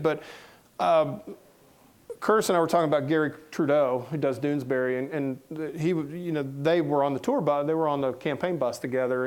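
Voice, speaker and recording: A middle-aged man with a Southern American accent, a cartoonist giving a casual talk in a lecture room, telling folksy, joking anecdotes. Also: on the high side. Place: lecture room before an audience.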